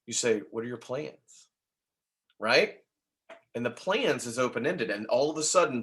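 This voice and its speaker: Animated man teaching a sales class. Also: mid-range voice, normal speed. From Nashville. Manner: conversational, animated, keeps asking "right?". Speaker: real estate trainer. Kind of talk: training talk to agents.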